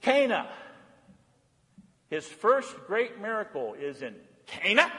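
A man preaching a sermon as pastor, swinging from lively and playful to hushed and earnest. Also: high voice, slow pace, long pauses, in a large hall. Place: church.

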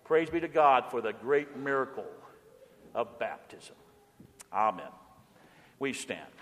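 A middle-aged man preaching a sermon as pastor, emphatic, slowing down for repeated refrains the congregation says back. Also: medium pitch, expressive, fairly bright tone. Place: church sanctuary. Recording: long church reverb.

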